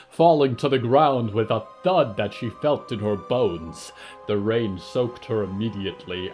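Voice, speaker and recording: A man narrating scripted horror fiction in a measured, steady way. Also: mid-range voice. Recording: soft music bed under narration.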